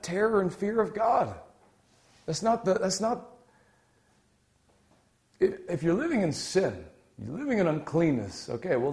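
A young adult man delivering a sermon with lively, shifting energy. He bursts out loudly on key points, then drops to a hushed, almost whispered tone. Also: on the high side. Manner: animated, swings from loud exclaiming to quiet near-whisper. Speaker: preacher.

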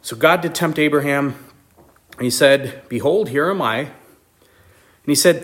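A man preaching a sermon, reading scripture slowly and pushing his voice up high for emphasis before dropping it low and quiet. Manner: reads scripture slowly in old-style wording.

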